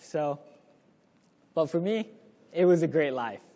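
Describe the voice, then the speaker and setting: A man's voice: on the high side, animated, takes it slowly, warm tone, in a large hall. A young man presenting a parenting lesson to a class in a casual, storytelling way, acting out the lines he quotes. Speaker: course presenter.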